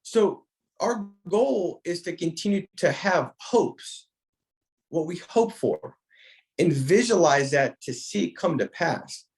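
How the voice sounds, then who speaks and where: A man with a somewhat high voice delivers a motivational talk in an emphatic, preacher-like rhythm. He repeats key phrases for weight, restarts sentences often and speaks straight to his listener. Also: lively intonation, slow, vocal fry. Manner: frequent restarts, speaks directly to a listener by name. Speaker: insurance sales trainer.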